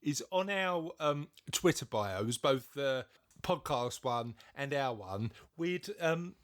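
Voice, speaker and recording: A man co-hosting a casual podcast chat, playful and quick to burst into big laughs. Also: mid-range voice, lively intonation. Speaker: podcast co-host.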